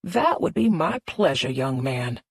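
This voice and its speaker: A woman voicing an elderly, kindly male doctor who speaks slowly and fondly in an audiobook. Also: extremely low pitch, sing-song, slightly rough, no echo, pitched below the performer's own voice, heavily acted. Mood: courtly. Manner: slow, gentle, fond.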